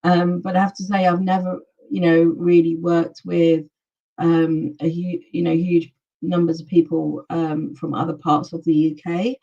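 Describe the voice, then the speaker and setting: A middle-aged woman answering interview questions over a video call, speaking in a measured, thoughtful way with frequent pauses. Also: on the low side, level tone, warm tone. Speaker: guest, communications specialist. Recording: dull, distant video-call audio.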